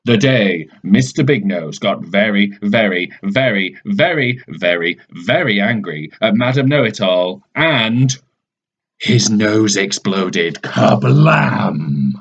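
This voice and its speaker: A man, a teacher, reading a chapter of a class novel aloud with expressive storytelling. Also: fairly low pitch, takes it slowly. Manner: expressive storytelling, soft asides. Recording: dull lo-fi recording.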